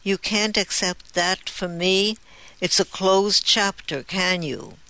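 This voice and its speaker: A narrator voicing an angry, sharp-tongued female station commander. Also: mid-range voice, steady tone, slow pace, clean tone, dry recording, poor audio.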